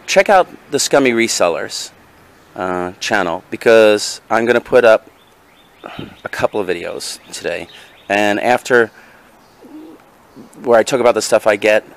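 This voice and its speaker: A man's voice: lowish voice, measured pace, long pauses. A man in a casual haul vlog, rambling through his thrift finds and talking straight to viewers, often correcting himself mid-sentence. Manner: rambling, chatty storyteller; self-correcting, talks to viewers directly. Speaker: reseller showing his finds.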